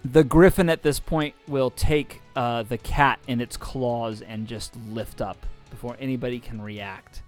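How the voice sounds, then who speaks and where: A man narrating as game master of a tabletop game, halting with many ums and restarts. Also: mid-range voice, fairly even intonation, faint music behind.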